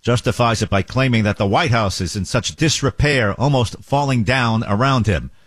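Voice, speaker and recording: A man's voice: mid-range voice, a bit bright, breathy edge, no room sound, studio quality. A man hosting a talk radio show, making sardonic comments and reading listener texts. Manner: sardonic, does quick mock impressions, reads texts.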